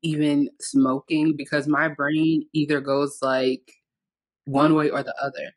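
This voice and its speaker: A woman's voice: low voice, level tone, a little slow. A woman co-hosting a podcast in casual chat, laid-back, telling stories with quoted asides. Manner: frequent "mm-hmm" listening sounds. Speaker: podcast co-host.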